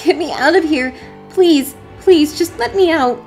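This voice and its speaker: A woman voicing a terrified young woman in a story game, her voice shrill and broken. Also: unhurried, faint music behind. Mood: screaming panic.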